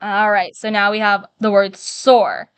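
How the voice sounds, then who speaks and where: A woman teacher giving a phonics lesson, slowly and patiently sounding out the letters of each word. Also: medium pitch, completely flat delivery, fairly bright tone, clear, resonant tone, dry recording.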